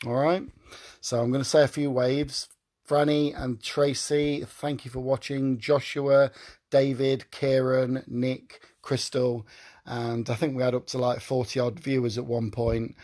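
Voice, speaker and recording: A man's voice: mid-range voice, flat delivery, measured pace, a little mellow. A man hosting his own live stream, talking earnestly and emotionally, often repeating himself as he pleads with viewers.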